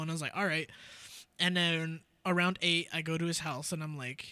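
A man's voice: a little high, steady tone, a little fast, pushed and bright, clear, resonant tone, no room sound. A young man chatting casually on a podcast, rambling through stories with a self-deprecating, laughing manner. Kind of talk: casual chat.

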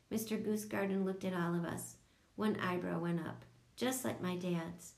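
A woman's voice: on the low side, fairly even intonation, normal speed, creaky, darkish tone, echoey room. A woman narrating a children's audiobook, switching into voices for each character.

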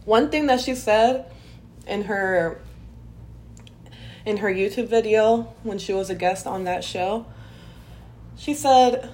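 A young adult woman hosting a personal podcast, telling her own story in a candid, expressive way, often laughing and talking straight to her listeners. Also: mid-range voice, slow pace, long pauses. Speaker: podcast host.

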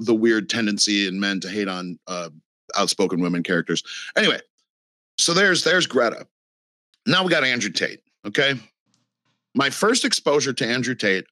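A man's voice: lowish voice, pushed and bright, no room sound. A man talking in a casual podcast chat, rambling and profane with lots of fillers.

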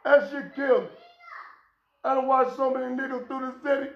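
A man's voice: very high voice, fairly even intonation, moderate pace, gravelly, lo-fi sound. A man hosting his own podcast, lecturing bluntly and profanely in an unscripted rant. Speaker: podcast host. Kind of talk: unscripted street-talk rant. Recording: echoey room.

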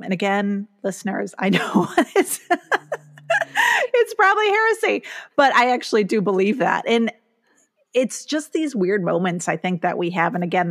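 A middle-aged woman with a voice on the lower side speaks as a podcast guest. She is earnest and reflective, often pausing on fillers as she works through her thoughts in casual conversation. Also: vocal fry. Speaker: author and guest.

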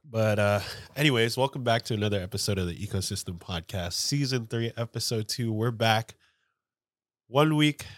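A man with a stuffy nose, co-hosting a podcast in a rambling, chatty way. His voice sits low, and the recording is close and dry with no room sound. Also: moderate pace, no room sound. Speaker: podcast co-host. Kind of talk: casual chat.

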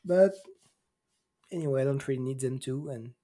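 A man's voice: mid-range voice, moderate pace, a crowd in the background. A man co-hosting a casual gaming chat show, offhand and questioning, sometimes searching for words. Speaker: podcast co-host.

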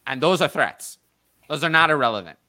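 A man hosting a casual sports talk show, opinionated and thinking out loud with frequent restarts. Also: on the high side, sing-song, a little fast, no echo. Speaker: podcast host. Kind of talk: casual fantasy football chat.

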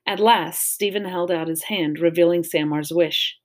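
Woman calmly reading a children's novel. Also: on the low side, moderate pace. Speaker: teacher reading aloud.

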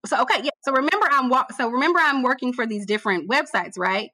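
A woman being interviewed about her work as a TV producer, telling her story in a casual, animated way and repeating phrases for emphasis. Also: high-pitched, fast, dry recording. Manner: colloquial, addresses listener as girl. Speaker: guest, TV producer.

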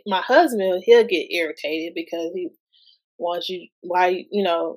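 A woman's voice: fairly low pitch, a little slow, low-quality recording. A woman in her thirties hosting a podcast, talking casually about parenting and asking lots of rhetorical questions in loose everyday speech. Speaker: guest podcast host.

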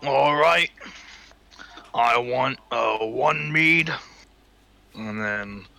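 A man's voice: mid-range voice, very slow, vocal fry, pushed and bright. A young man playing a tabletop game, talking in a casual, joking way. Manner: casual, joking player talk. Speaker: player.

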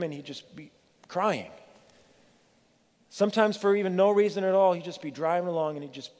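A middle-aged pastor with a fairly high voice preaches earnestly, pleading with his listeners and leaning on dramatic pauses. His voice rings with the long reverb of a church hall. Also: darkish tone. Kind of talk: sermon.

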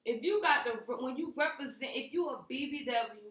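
A woman co-hosts a casual podcast, dishing blunt, profane gossip. Her voice is bright and slightly high, and it echoes noticeably off the room. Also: a little fast. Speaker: podcast co-host. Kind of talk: casual chat.

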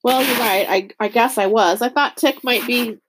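A woman's voice: a little high, moderate pace, noisy background, natural voice. An earnest, serious young boy, voiced by a woman audiobook reader. He talks with plain urgency and little put-on change.

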